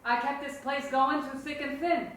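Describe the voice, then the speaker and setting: A woman playing a stern, quiet bar-owning mother. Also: high-pitched, level tone, moderate pace. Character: stern, tired middle-aged woman who owns a bar. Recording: echoey room, mic at a distance.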